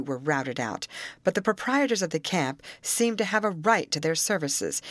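Narrating an audiobook, a woman tells the story in a steady, measured way. Her voice is fairly low, and the recording has no echo.

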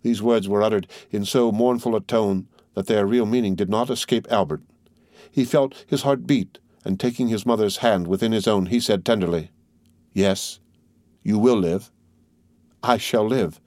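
A man narrating a classic novel as an audiobook in a measured storytelling manner. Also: lowish voice, darkish tone, dry recording, clean studio sound.

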